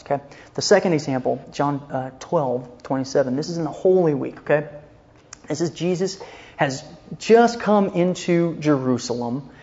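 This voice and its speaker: In a lo-fi recording, a man with a fairly high voice teaches a Christian counseling class casually. He regularly checks in with listeners and recasts scripture scenes in ordinary, conversational terms.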